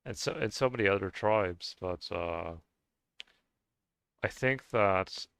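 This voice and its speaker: A man vents to his viewers in a low, resonant voice, circling back over his points with restarts, fillers and casual swearing. The sound is dry and close, with no room echo. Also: slow, creaky, a bit bright, clean tone. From United States. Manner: rambling, many restarts and fillers, swears freely. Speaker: vlogger. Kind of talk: casual rant to camera.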